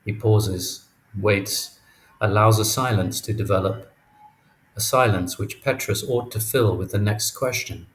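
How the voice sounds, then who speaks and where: A man reading a novel aloud as audiobook narrator, in a steady, even reading. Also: on the low side, measured pace. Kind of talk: scripted narration. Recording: echoey room, faint noise.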